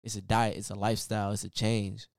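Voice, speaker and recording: Male podcast host, low register, casual sermon-like pep talk, dry close mic. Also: level tone, quick pace, vocal fry, dry recording. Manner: casual, preachy, repeats "man" often. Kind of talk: motivational solo podcast rant.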